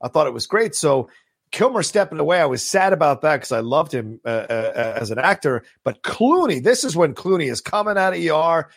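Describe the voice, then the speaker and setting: A man co-hosting a podcast in casual chat, animated and rambling, laughing often. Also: a little high, a little fast, gravelly, slightly rough, dry recording, studio quality. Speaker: podcast co-host.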